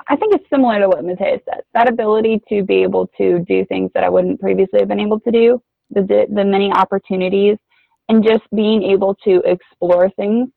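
A young adult woman, a former homeschooler, chatting casually as an interview guest with quick asides. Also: mid-range voice, gravelly, no room sound. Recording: tinny phone-like line.

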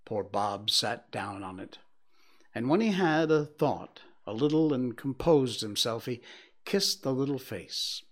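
A man narrates a classic tale aloud at a slow, deliberate pace. His voice sits in a middle pitch and drops to a hush for quiet moments. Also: lively intonation. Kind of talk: storybook reading aloud.

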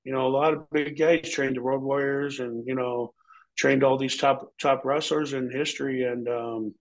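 A man's voice: medium pitch, steady tone, moderate pace, poor audio. A middle-aged man, a former pro wrestler, telling rambling, profane stories in an interview, acting out the voices of people he quotes. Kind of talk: casual anecdotal storytelling.

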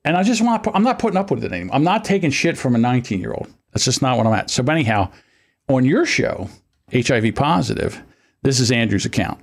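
A man's voice: mid-range voice, fast, vocal fry. A man hosting a casual podcast chat over an online call, telling stories and acting out what others said. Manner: animated storytelling, acts out quotes. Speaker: podcast host.

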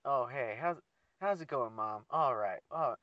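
A man's voice: medium pitch, expressive, a little slow, no echo, lo-fi sound, pitched above the performer's own voice, lightly acted. A man voicing a cheery, laid-back older mall Santa with breezy, friendly greetings.

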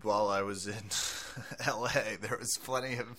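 A man's voice: fairly low pitch, steady tone, normal speed, bright, forceful tone. A man co-hosting a podcast in casual chat, joking and laughing often. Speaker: podcast co-host.

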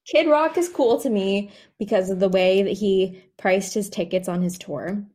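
A playful woman in a relaxed, casual chat, laughing easily as she trades quick verdicts with a friend. Her voice sits at an ordinary middle pitch. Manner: playful, laughing often, rating people as cool or not. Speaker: co-host.

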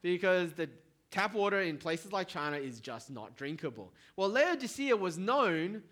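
High-voiced pastor preaching. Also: male voice, normal speed. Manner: conversational, animated storytelling with asides to the congregation. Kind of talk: sermon.

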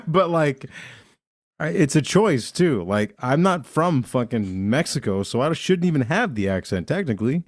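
A man's voice: on the high side, sing-song, measured pace, no echo, clean studio sound. A man from Southern California, a podcast host telling profane, rambling stories with lots of laughter. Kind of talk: casual comedy chat.

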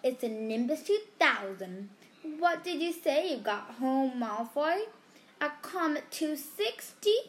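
A woman voicing an excitable, envious schoolboy in a storybook reading, talking eagerly. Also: very high-pitched, slow, pitched above the performer's own voice, exaggerated voice. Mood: excited.

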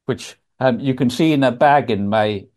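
A man's voice: medium pitch, normal speed, a little mellow. An older man, telling stories as an interview guest over a video call from his office, thoughtful and full of ums and restarts. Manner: reflective, frequent ums and restarts. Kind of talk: storytelling in a conversational interview.

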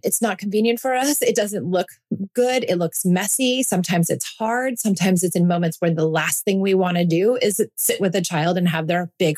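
A woman's voice: medium pitch, a little mellow. A woman in her forties hosting a parenting podcast, talking earnestly and reassuringly, often repeating her points for emphasis. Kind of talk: podcast monologue.

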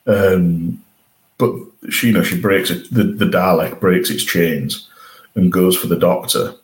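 A man's voice: low-pitched, steady tone, unhurried, rough recording. A man co-hosting a podcast, chatting eagerly about a TV episode and often restarting his sentences. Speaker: podcast co-host. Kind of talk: casual chat reviewing a TV episode.

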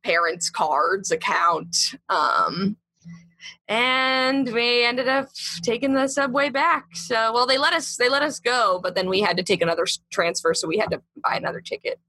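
A woman spins a story for a podcast in a bright, somewhat high, breathy voice. Her telling is casual and chatty, peppered with fillers, and it becomes animated as she relives the moment. The sound is dry and close. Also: normal speed, no echo. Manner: chatty, heavy with "like" and "um"; animated retelling. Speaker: podcast guest.

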